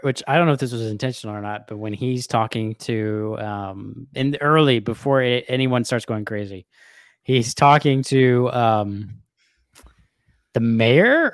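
A man with a mid-pitched voice chats bluntly on a podcast and laughs often. The sound is close and dry, with no room echo. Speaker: podcast co-host. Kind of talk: casual chat.

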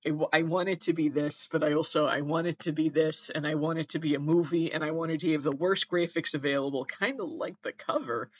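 A man's voice: on the high side, fairly quick, few pauses, dry recording, dull audio. A man with a Midwestern accent hosting his own podcast, reading aloud in a casual comedic way and often breaking into giggles and apologies. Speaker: podcast host.

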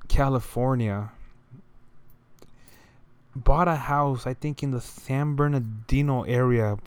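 Rambling slangy man, smooth dry voice. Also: medium pitch, no room sound. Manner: rambling, loose and slangy with many fillers. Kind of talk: casual storytelling monologue.

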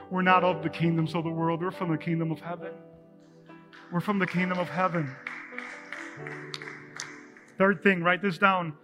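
A man preaching a live sermon as pastor, talking energetically and directly to his congregation in a church. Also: a little high.

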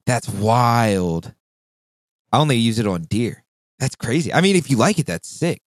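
A man's voice: medium pitch, expressive, a little slow, dry recording. A young man co-hosting a podcast, telling rambling stories, swearing a lot and acting out what people said. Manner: rambling storyteller, swears a lot, acts out quotes. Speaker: podcast co-host. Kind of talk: casual chat.

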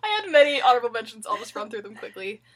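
A woman hosting a casual chat, excitable and quick to laugh. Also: on the high side. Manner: giggly, excitable.

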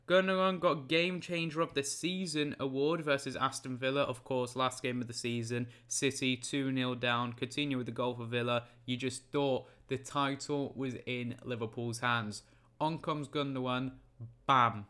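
A man's voice: medium pitch, steady tone, sharp tone, smooth. Young man, podcast host, casual monologue, rambling, jokey. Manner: rambling, jokey, quick self-corrections.

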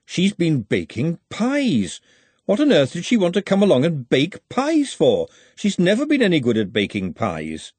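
A man's voice: a little high, huge pitch swings, a little slow, a little mellow, husky, no room sound, pitched above the performer's own voice, full character voice. A man reading aloud, voicing a no-nonsense woman cook who snaps and gives firm motherly advice. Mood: sharp. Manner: snappish, bossy, motherly.

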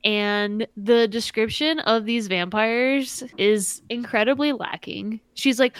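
A woman in casual podcast chat, swearing freely and slipping into mocking voices for characters. Her voice is smooth and clear, at a middle pitch, recorded dry and close. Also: measured pace, no room sound. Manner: animated, profane, mocks characters in exaggerated voices. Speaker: podcast co-host.

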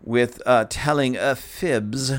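A man's voice: mid-range voice, slow pace. Laughing, mocking man talking politics. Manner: keeps breaking into laughter, mocking asides. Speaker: political commentary host. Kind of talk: casual political commentary.

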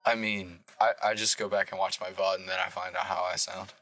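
A man's voice: low-pitched, level tone, fairly quick, bright, forceful tone, no room sound. A man hosting a podcast in casual chat, easygoing, asking questions and laughing along. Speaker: podcast host.

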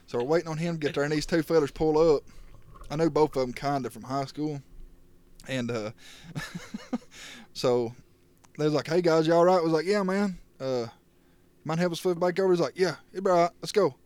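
A man's voice: a little high, fairly quick, darkish tone, no room sound. A young man telling wild stories on a casual podcast, laughing and acting out what people said. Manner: rowdy, laughing storyteller who acts out quotes. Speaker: podcast co-host. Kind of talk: casual storytelling chat.

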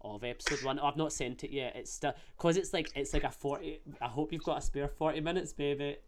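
Sweary podcast host. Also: male voice, fairly high pitch, brisk, very noisy. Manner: sweary, rambling and jokey. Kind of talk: casual podcast chat.

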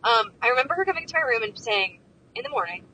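A woman's voice: a little high, very animated, fast, bright, forceful tone, poor audio. Chatty, exasperated young woman in a car. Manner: rambling and exasperated, heavy with fillers and swearing. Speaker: vlogger. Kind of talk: casual storytelling vlog. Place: inside a moving car. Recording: faint car engine noise. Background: faint road and vehicle noise.

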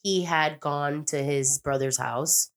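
A woman's voice: low-pitched, slow. A young woman casually recapping a TV show as a podcast host, rambling and swearing, acting out lines as she goes. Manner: rambling, profane, acts out quoted lines.

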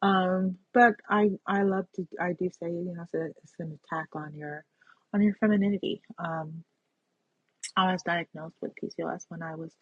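A woman's voice: fairly low pitch, steady tone, moderate pace, husky, no echo. A woman giving an earnest, spiritual personal monologue, often checking in with "right?" and "you know". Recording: dull lo-fi sound.

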